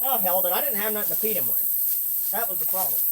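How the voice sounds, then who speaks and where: Excitable, swearing woman vlogger outdoors. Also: mid-range voice, a little fast, heavy background noise. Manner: excitable, swears a lot, talks to the snake and cats. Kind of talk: handheld outdoor wildlife vlog. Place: outdoors near a house deck.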